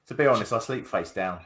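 A man's voice: mid-range voice, a bit bright. A man co-hosting a podcast, chuckling often and giving short, dry replies in casual chat. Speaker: podcast co-host.

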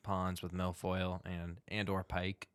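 Deep voiced guy cohosting, chill, laughs a lot, dry sound. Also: monotone, slow, smooth, dry recording. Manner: laughs easily, encouraging. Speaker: podcast co-host. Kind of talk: casual chat.

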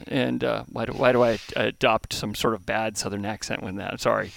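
Gravelly middle-aged man, reflective. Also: medium pitch, steady tone, fairly quick, few pauses, fairly bright tone. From United States. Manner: thoughtful, restarts phrases while searching for words. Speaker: brewery founder, podcast guest. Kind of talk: reflective conversational interview. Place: home in Hawaii.

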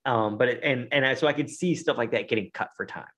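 A man's voice: mid-range voice, quick pace, fairly bright tone. Man, podcast chat, enthusiastic, stammering restarts. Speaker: podcast co-host. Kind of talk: casual chat.

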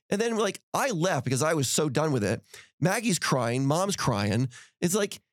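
Animated man telling a heated story. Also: on the high side, fairly quick, no echo, studio quality. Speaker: podcast host. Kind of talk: casual podcast conversation.

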